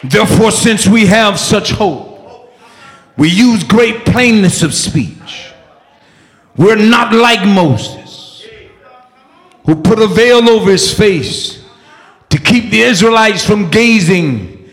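A man preaching a sermon with fervor, shouting, peppering his lines with "uh" and exclamations of praise. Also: high-pitched, lively intonation, slow, pauses often. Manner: fervent, shouting, with frequent "uh" and "woo, Jesus" exclamations. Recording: echoey hall.

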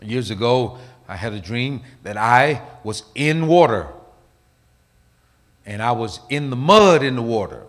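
A man preaching a sermon, telling a story dramatically and swinging between hushed and loud delivery. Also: medium pitch, animated, measured pace.

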